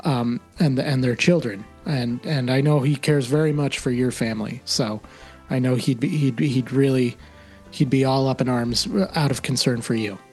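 Rambling, mock-earnest comic panelist. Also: male voice, mid-range voice, fairly even intonation, moderate pace, a little mellow, faint music behind. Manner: mock-earnest, rambling, stumbles over names. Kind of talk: comedic panel chat.

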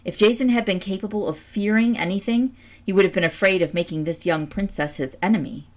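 A woman reading a storybook aloud at a steady pace, now and then stumbling and correcting herself. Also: mid-range voice, brisk. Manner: steady reading with small slips and self-corrections. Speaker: storybook reader.

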